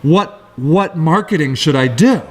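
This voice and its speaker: Rambling, excitable male show host. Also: fairly high pitch. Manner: rambling storyteller, quick bursts, lively. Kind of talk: casual chat.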